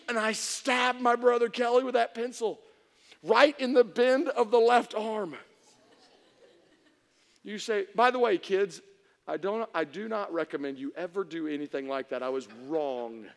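A high-pitched man with a bright, sharp tone preaches to a congregation in a reverberant hall. He tells funny stories with big swings, dropping to a hush and then rising to shouts. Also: normal speed. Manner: animated, swings between hushed and shouting. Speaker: pastor. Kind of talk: humorous sermon storytelling. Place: church hall before an audience.

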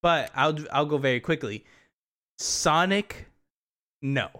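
Animated man with a lively voice. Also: fairly high pitch, slow. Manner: animated, swears freely, bursts into loud jokes. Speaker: podcast co-host. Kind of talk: casual chat.

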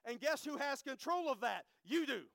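A middle-aged man, preaching a personal testimony, swinging from hushed to loud and repeating phrases. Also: very high voice, expressive, normal speed, gravelly, no room sound. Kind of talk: sermon testimony.

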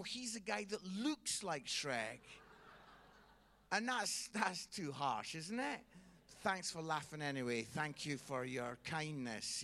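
A Scottish man doing a stand-up comedy routine, telling a story in a chatty way and keeping the audience involved with quick "yeah?" check-ins. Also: a little high, pushed and bright. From Scotland.

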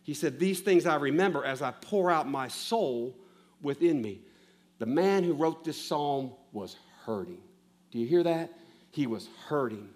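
A man preaching a sermon with feeling, repeating lines for emphasis and asking the listeners questions, swinging from loud stress to hushed, quiet passages. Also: a little high, animated, unhurried.

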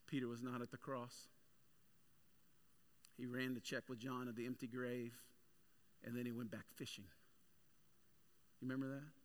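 A male pastor preaching a sermon with energetic, animated storytelling. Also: medium pitch, normal speed, pauses often.

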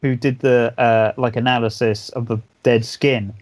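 This podcast co-host talks through horror movie effects in a relaxed review chat, keen and meandering, cursing a lot while restarting his sentences. His mid-range voice keeps a level tone and measured pace in a dry recording.

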